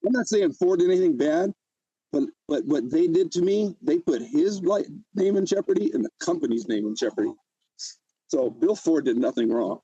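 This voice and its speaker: Older guy, husky mellow voice, dry sound, keeps restarting, worked up. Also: a little high, expressive, moderate pace, no room sound, lo-fi sound. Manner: agitated, repeats himself, restarts often. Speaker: interview guest. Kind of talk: emotional personal story.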